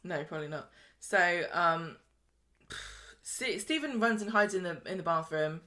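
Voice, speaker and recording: A woman hosts a casual podcast recap, her voice sitting a little low for a woman. She talks in a chatty, jokey way, tumbling from one point to the next. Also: lively intonation, measured pace, sharp tone. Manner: chatty, jokey, acts out characters' lines. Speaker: podcast host. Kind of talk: casual soap recap chat.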